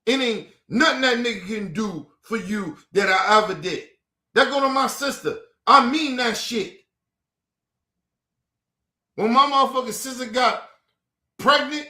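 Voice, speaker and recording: Casting note: furious man venting, high bright voice, echoey room, profane and repetitive. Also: a little slow, long pauses. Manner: heated, profane, repetitive outbursts. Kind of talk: angry personal rant.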